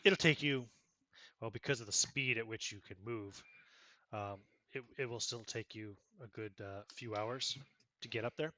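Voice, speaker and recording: A man's voice: mid-range voice, moderate pace, sharp tone. A man running a tabletop game as game master, talking with frequent fillers and self-corrections.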